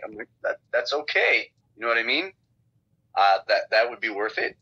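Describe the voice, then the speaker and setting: A man's voice: mid-range voice, lively intonation, normal speed, bright, forceful tone, husky. A man being interviewed as a guest fighter over a phone call, talking bluntly in a rambling way with lots of swearing. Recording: dull lo-fi phone line.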